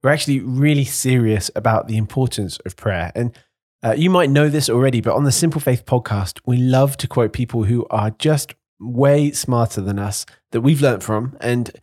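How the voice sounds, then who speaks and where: A man's voice: mid-range voice, normal speed, darkish tone, no room sound, clean studio sound. Wry man co-hosting a faith podcast. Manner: wry, joking, self-correcting restarts. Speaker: podcast co-host. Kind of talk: casual chat.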